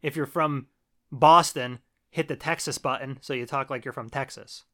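A man co-hosting a podcast, recapping a film in casual, profane, animated chat. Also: medium pitch, normal speed. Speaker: podcast co-host.

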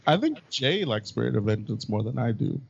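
A man's voice: mid-range voice, big pitch swings, fairly quick, vocal fry, breathy edge, dry recording. A man hosting a casual movie chat podcast, teasing and laughing often. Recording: dull lo-fi sound.

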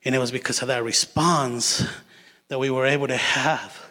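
A man's voice: mid-range voice, fairly even intonation, normal speed, sharp tone. Middle-aged man, sermon, casual storyteller, mid-range voice, church hall reverb. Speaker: guest preacher. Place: church sanctuary.

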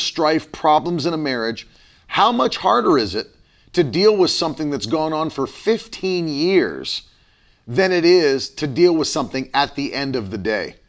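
A man's voice: a little high, fairly bright tone. Intense, laughing man co-hosting. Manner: intense, laughing, reads out viewer comments. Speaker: co-host. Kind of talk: casual chat.

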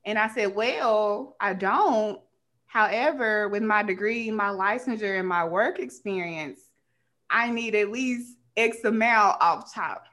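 A woman's voice: medium pitch, slow. A young adult woman hosting a casual podcast, telling a story as a rant in colloquial speech and acting out the dialogue. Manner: animated, colloquial, acts out dialogue. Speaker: podcast host.

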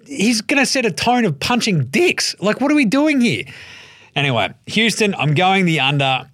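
An Australian man hosting a solo sports podcast, swearing freely and joking, acting out other people's lines in quick put-on voices. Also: sits high, big pitch swings, a bit bright, dry recording, clean studio sound. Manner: profane, jokey, acts out quoted voices. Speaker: podcast host.

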